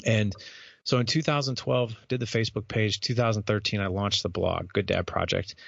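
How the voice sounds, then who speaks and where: A man's voice: fairly low pitch, fairly even intonation, moderate pace, gravelly, a bit bright, breathy edge, no echo. A man in his thirties, a podcast host, telling a candid personal story in an interview, earnest and repeating words as he goes. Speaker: podcast host and guest speaker. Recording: dull, lo-fi sound.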